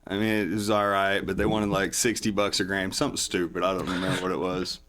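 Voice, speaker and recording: A man's voice: deep voice, little pitch movement, quick pace, a bit bright. A man telling a long story in casual talk, rambling and raising his voice when he acts out what others said. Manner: rambling, acts out other people's lines in a raised voice. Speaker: podcast guest.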